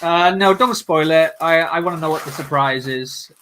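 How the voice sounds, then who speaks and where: A man's voice: on the high side, moderate pace, a bit bright, slight background noise. A man hosting a casual livestream, chatting and joking with viewers as he builds. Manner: jokey, chatty, talks to viewers. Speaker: livestream host.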